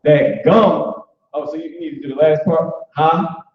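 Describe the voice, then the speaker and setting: A man teaching an informal online language class, talking loosely with many restarts and filler words like "boom". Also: steady tone, a little slow. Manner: loose, conversational, repeats "boom" and restarts often. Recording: echoey, dull online call audio.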